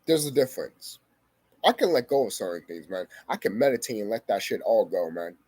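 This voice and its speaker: A man's voice: on the low side, sing-song, a little fast, darkish tone, husky, no room sound. Heated, profane man telling his story. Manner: profane, heated, emphatic, repeats phrases. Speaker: vlogger. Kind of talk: emotional personal storytelling to camera.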